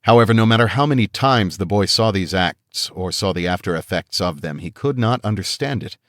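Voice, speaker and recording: A man narrates a fantasy audiobook in a steady, measured way. His voice sits very low. The recording is dry and close, with no room sound. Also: dry recording. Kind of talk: scripted narration.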